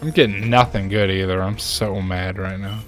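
A man streaming a game and chatting casually, ranting in an animated way and jumping to high exclaims. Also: moderate pace, soft background music. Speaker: gaming streamer. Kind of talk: casual chat while playing a game.

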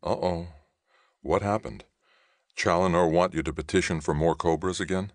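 A man voicing a curious, quick young woman in an audiobook reading. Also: sits low, steady tone, no room sound, studio quality, pitched above the performer's own voice.

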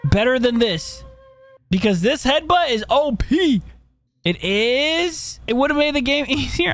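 Young man, let's play commentary, swearing, excitable, lively pitch, game music behind. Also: a little slow. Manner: profane, excitable outbursts. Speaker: gaming streamer.

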